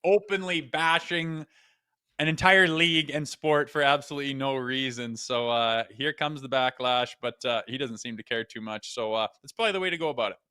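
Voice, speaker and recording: A man's voice: medium pitch, a little fast, bright, forceful tone, clear, resonant tone, no room sound, studio quality. A man co-hosting a hockey talk show, speaking animatedly with sarcasm and some swearing. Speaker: podcast co-host. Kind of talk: casual sports chat.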